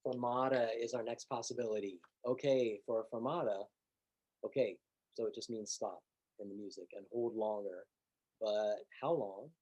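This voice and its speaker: A man teaching piano, explaining calmly and patiently, step by step. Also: on the low side, breathy edge, low-quality recording. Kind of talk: instructional demonstration.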